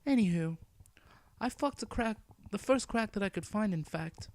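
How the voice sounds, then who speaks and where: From her bedroom, a young woman comedian improvises a crude comic story, swinging between soft mutters and loud squeals. Her medium-pitched voice is expressive and moves at a moderate pace, with no echo.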